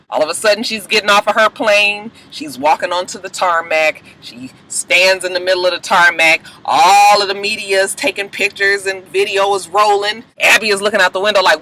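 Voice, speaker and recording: A man with a high voice and a very bright, sharp tone recaps a TV episode in a sassy, casual way. He swears freely and slips into the characters' lines as he retells the scenes. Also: brisk, few pauses, rough recording. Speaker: TV recap vlogger.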